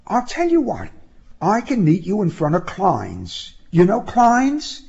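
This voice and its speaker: A man reading a story, voicing an earnest, hurried young college woman in a brisk, apologetic way. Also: high-pitched, wildly swooping pitch, gravelly, a little mellow, muffled recording, pitched above the performer's own voice, exaggerated voice.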